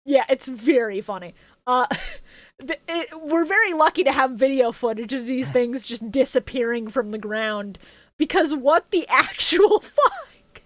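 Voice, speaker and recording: A woman with a high, bright voice recaps an anime episode on a casual podcast. She talks excitedly, laughs often and swears freely, slipping into quick impressions of the characters. The sound is dry and close. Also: dry recording. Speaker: podcast co-host.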